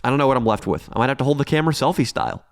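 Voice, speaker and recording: A young man hosting a podcast, teasing his co-host in a deadpan, mock-formal way. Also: mid-range voice, racing. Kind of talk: casual chat.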